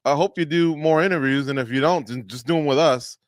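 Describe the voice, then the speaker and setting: A man's voice: on the high side, a little fast, no echo, studio quality. A man hosting a radio interview, friendly and joking, hyping up his guest. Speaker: radio show host.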